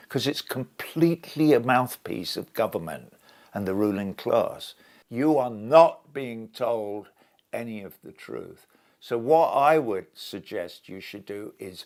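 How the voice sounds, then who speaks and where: An older man talks with fierce conviction. His voice is gravelly and low-pitched. The delivery swings widely in pitch as he presses each point. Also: a little mellow. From England. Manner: impassioned, emphatic, indignant. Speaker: interviewee. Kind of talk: impassioned interview monologue.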